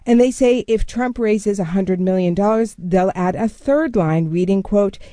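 A woman culture correspondent explains a story in a measured, steady way during a radio news interview. Her voice is mid-range, with no echo.

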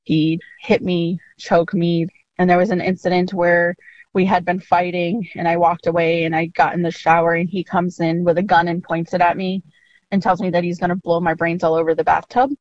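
A woman in her thirties giving a news interview, recounting events in a steady, measured way. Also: lowish voice, no room sound. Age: 30s. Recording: slightly dull lo-fi line.

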